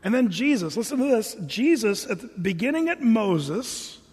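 A man's voice: very high-pitched, moderate pace, breathy edge. A man preaching a sermon, telling stories casually and acting out the voices of the people in them. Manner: casual, animated storytelling with voiced quotes. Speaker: pastor. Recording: reverberant hall.

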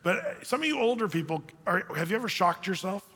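A male pastor teaching through scripture in a relaxed, conversational way that he spices with dry jokes. His voice sits high and sounds bright and forceful. It rings out with a long reverb from a large hall. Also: a little fast, breathy edge. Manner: conversational, joking asides. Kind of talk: sermon, verse-by-verse teaching.

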